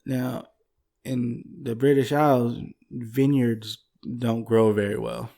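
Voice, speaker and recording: A man's voice: mid-range voice, steady tone, slow, gravelly, warm tone. A man co-hosting a casual podcast, telling history in an easygoing way and laughing often, at a desk microphone. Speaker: podcast co-host.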